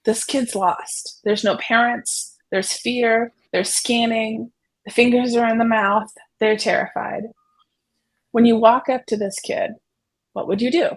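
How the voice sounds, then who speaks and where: A woman psychotherapist, a guest on the show, explaining an idea through a vivid, expressive story told in a conversational way. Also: a little high, unhurried, poor audio. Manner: vivid, expressive storyteller who paints scenes for the listener.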